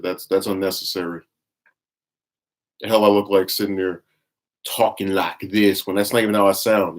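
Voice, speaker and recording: Blunt, rambling male stream commentator. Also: low-pitched. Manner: blunt, scornful and rambling, with frequent restarts. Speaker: livestream commentator. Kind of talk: casual live-stream commentary, reading chat.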